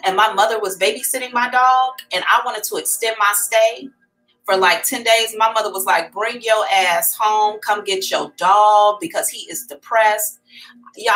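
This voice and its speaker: A middle-aged American woman with a mid-range, sharp-toned voice hosts a psychic livestream, chatting candidly and calling her viewers "y'all." The audio quality is poor.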